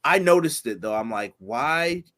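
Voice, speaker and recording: A man's voice: fairly high pitch, animated, moderate pace, fairly bright tone. A man co-hosting a casual wrestling review podcast, laughing often and reading out viewer comments. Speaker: podcast co-host.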